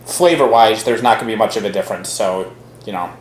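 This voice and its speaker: A man's voice: lowish voice, fast talker. A young man co-hosting a home cooking show, explaining cooking terms with jokes and hesitant fillers. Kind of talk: casual cooking chat. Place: home kitchen. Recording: echoey kitchen with faint noise.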